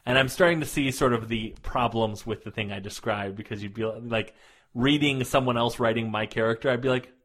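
This podcast co-host has a medium-pitched, fairly bright voice and talks a little fast. He chats casually and rambles, full of fillers and restarts.

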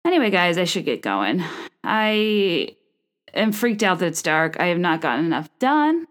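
A woman in her thirties talks alone into a microphone, rambling through funny stories about herself. Her telling is animated and self-mocking, with quick asides and little restarts. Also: lowish voice. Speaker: podcast host. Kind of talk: solo comedic podcast monologue. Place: small room. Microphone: studio microphone.

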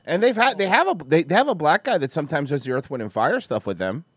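Guy streamer rambling on, voice bouncing up n down, kinda high for a dude. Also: fast talker, soft background music. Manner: rambling, animated, swears casually. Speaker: streamer host. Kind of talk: casual stream chat.

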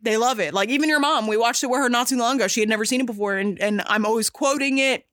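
Animated rambling woman podcast host. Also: on the high side, quick pace, no room sound. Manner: animated, rambling with many fillers and restarts; swears casually, emphatic. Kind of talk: casual chat.

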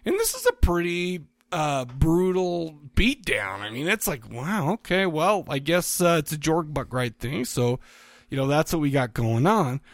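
A man's voice: on the high side, very animated, unhurried, no room sound. A man hosting a casual movie-review podcast, telling the plot in a rambling, profane way with many fillers. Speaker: podcast host.

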